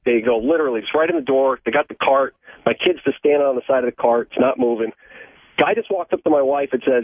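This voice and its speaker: A man's voice: mid-range voice, lively intonation, fast talker, no room sound. A man from Ohio calling in to a show, telling an angry, profane story about his family. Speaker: caller. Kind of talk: phoned-in story. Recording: tinny dry phone line.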